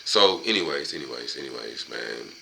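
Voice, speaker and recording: Rambling, profane man with bright voice. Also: rumbling low, lively intonation, normal speed, creaky, slight background noise, low-quality recording. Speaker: host reading a book aloud and riffing. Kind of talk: casual monologue with book reading.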